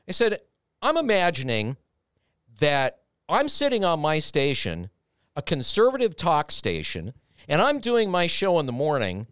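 A man spinning an anecdote with a lot of swing in his pitch, acting out each person he mentions. The sound is dry and close, with no room around it. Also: normal speed, smooth, no echo. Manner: animated, acts out voices, laughing through the story. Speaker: radio host and guest. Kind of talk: animated storytelling. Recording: played podcast clip.

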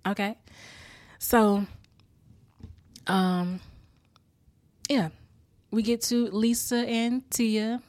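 A woman's voice: fairly high pitch, steady tone, very slow, pauses often, darkish tone, no echo. A woman in casual chat recapping a TV episode, laughing often and acting out the characters' lines. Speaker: show recapper.

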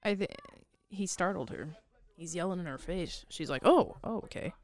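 A woman's voice: on the low side, normal speed, no room sound. A woman giving chatty, amused commentary on a show with a friend, swearing freely, recorded on a wired mic while lying on the floor. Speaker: co-host watching a show. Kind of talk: casual reaction chat. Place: indoor room, lying on the floor. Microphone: wired mic with cord.

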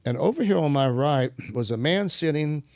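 A man as a guest minister telling a testimony in casual conversation, animated, with halting restarts as he searches for words. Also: a little high, dry recording. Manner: animated, acts out quoted dialogue.

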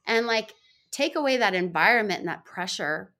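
A middle-aged woman talks casually as a podcast guest, her voice bright and forward. She rambles warmly through fillers and little quoted asides. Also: mid-range voice, lively intonation, moderate pace. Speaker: podcast guest, law firm founder. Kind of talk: casual interview chat.

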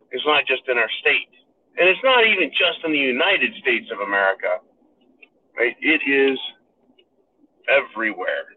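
A man's voice: mid-range voice, husky. A man holds forth in a sarcastic, ranting monologue, talking straight to his listeners. His voice sits in an ordinary middle register. The sound comes through narrow and tinny, like a telephone line. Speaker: podcast host. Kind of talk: opinionated political monologue.

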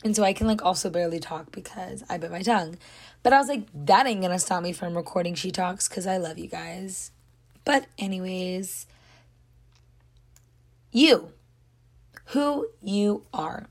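A young woman hosting her own podcast, her voice hoarse and nearly gone, talking in an earnest, rambling way full of "like". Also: on the low side, measured pace, pauses often. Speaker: podcast host. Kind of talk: casual solo podcast talk.

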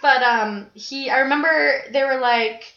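A young woman casually co-hosting a chat, telling animated stories and swearing freely. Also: sits high, measured pace. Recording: roomy, slightly dull sound.

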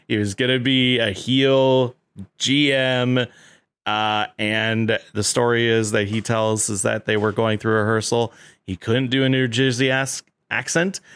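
A man's voice: mid-range voice, a bit bright, smooth, dry recording. A man hosting a casual podcast chat, rambling with lots of fillers and restarts and laughing often.

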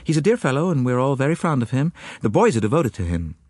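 A man's voice: medium pitch, very animated, fast talker, darkish tone, dry recording, clean studio sound, voice pushed up. A man voicing a worried mother of two boys, speaking urgently in an audiobook.

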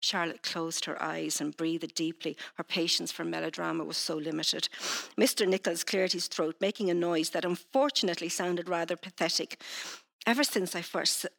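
Brief: a woman novelist with a lowish voice, hesitant in chat, steady when reading aloud. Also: moderate pace, creaky. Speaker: author.

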